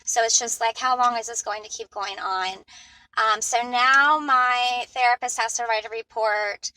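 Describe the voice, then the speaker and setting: A woman's voice: fairly high pitch, steady tone, unhurried, sharp tone, rough recording. A woman recording a personal vlog in her car, talking in an upset, rambling way with many restarts. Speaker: mother in a custody dispute. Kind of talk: personal vlog while driving.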